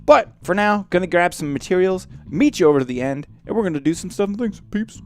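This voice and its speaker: A man hosting a casual game commentary, chatty and excitable and quick to cry out in surprise. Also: high voice. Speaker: let's play host.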